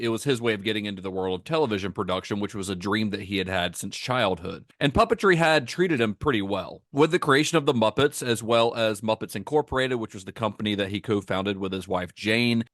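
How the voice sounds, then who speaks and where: A man's voice: medium pitch, no echo, studio quality. A man co-hosting a podcast, narrating in an easygoing, conversational way and laughing readily. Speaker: podcast co-host.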